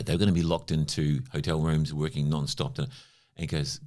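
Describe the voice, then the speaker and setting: A man's voice: a bass voice, flat delivery, fairly quick, few pauses, darkish tone. A man in his fifties from New Zealand, a podcast guest telling stories in a chatty, casual way, full of "you know" asides. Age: 50s. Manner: chatty anecdotal, lots of "you know" fillers. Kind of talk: casual conversational storytelling.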